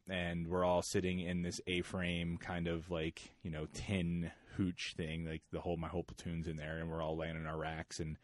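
A man co-hosting a casual podcast chat, telling a story in a loose, relaxed way and swearing freely. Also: sits low, no room sound, clean studio sound. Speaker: podcast co-host.

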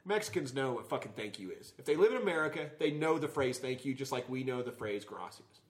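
A man co-hosting a podcast in casual chat, telling stories in a profane, animated way and laughing often. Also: mid-range voice, fast talker. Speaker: podcast co-host.

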